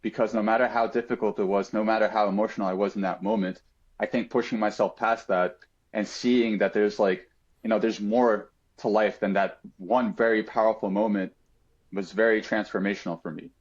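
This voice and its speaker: A man's voice: lowish voice, fairly even intonation, brisk, breathy edge, highs cut off. A man telling a personal story on a podcast in an earnest, reflective way, with frequent fillers and restarts.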